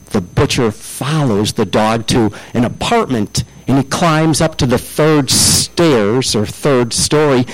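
A man's voice: mid-range voice, poor audio. A male pastor preaching a sermon, telling stories and often restarting and repeating words.

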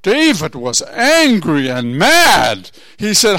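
A man preaching a sermon, telling a Bible story with asides and rhetorical questions, moving from low murmurs to loud exhortation. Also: very animated, slow, hardly any pauses, dry recording. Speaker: pastor.

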